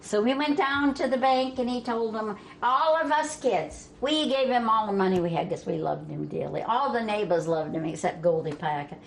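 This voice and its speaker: A woman's voice: on the high side, lively intonation, normal speed, creaky, few pauses. Older woman telling folksy family tales. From Vermont. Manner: folksy, laughing through the telling, drops voice for quoted men. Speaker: storyteller guest. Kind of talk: family storytelling. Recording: faint background noise.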